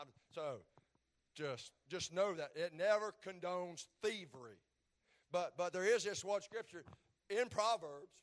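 A man preaches a sermon in a fairly high voice. He swings between loud, rising exhortation and quiet asides, and he repeats phrases as he works toward his point. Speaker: pastor.

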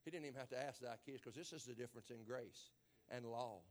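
A man preaching a sermon in a church, emphatic, dropping to low murmurs and then rising to shouted exclamations. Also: quick pace.

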